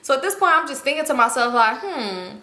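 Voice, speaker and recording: A young woman retelling a story in casual, animated slang, acting out the quoted voices. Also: sits high, rapid-fire, echoey room. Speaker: storytime vlogger.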